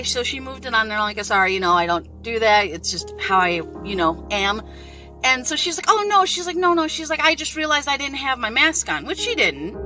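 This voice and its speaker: Woman vlogger, high voice, bright tone, chatty earnest rant, faint music behind. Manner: chatty, storytelling, earnest and exasperated. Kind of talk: casual rant to camera.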